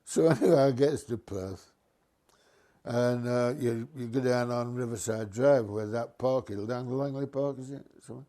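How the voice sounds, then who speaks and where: An older man, a former bus driver, telling a lively, mischievous anecdote in casual dialect. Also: mid-range voice, moderate pace.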